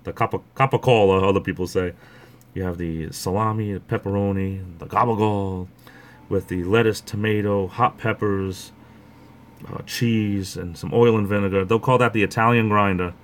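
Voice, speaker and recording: A man's voice: fairly low pitch, steady tone, normal speed, slight background noise. A middle-aged man, hosting a livestream and chatting casually in a rambling way. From Rhode Island. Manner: rambling, chatty, greets viewers by name. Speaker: livestream host. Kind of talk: casual chat.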